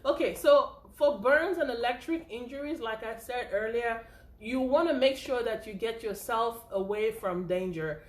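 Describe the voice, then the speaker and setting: A woman with a fairly high voice gives an informal first aid lesson at normal speed, chatty and a little out of breath. She repeats points and keeps checking in with "okay?" and "right?", and the room is echoey.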